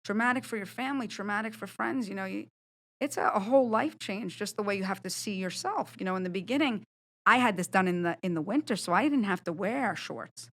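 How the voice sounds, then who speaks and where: A woman's voice: medium pitch, expressive, a little fast, a bit bright. A woman, a guest on a studio podcast, speaking bluntly and animatedly about her own experiences, swearing casually. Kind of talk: candid conversational storytelling.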